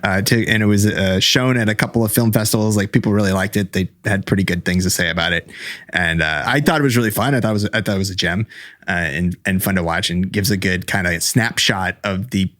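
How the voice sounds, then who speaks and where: A man's voice: deep voice, fast talker, fairly bright tone, no echo, clean studio sound. A man co-hosting a casual podcast, recapping a story with many fillers. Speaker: podcast co-host. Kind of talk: casual chat.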